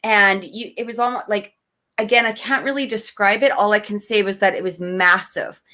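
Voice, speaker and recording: Canadian woman cohost telling a story, emotional and animated, lots of um and you know, mid pitch. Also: moderate pace. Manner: animated, emotional, many restarts and fillers. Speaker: podcast co-host. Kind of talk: casual storytelling in an interview.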